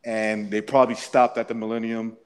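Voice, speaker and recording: A man's voice: lowish voice, little pitch movement, brisk, a little mellow, smooth. A man casually recounting a personal story, rambling with many restarts and frequent swearing. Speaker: interviewee.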